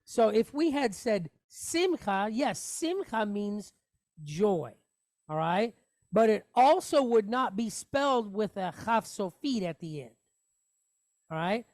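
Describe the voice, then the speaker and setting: A woman's voice: mid-range voice, expressive, slow, darkish tone, no echo. A woman teaching a Hebrew lesson to a class, explaining patiently step by step and often checking that everyone follows.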